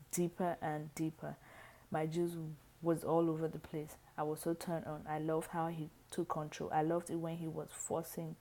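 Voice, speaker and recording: A woman reading a book aloud, halting and often restarting lines. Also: low-pitched, dark tone. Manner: halting, frequent restarts and stumbles. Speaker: reader.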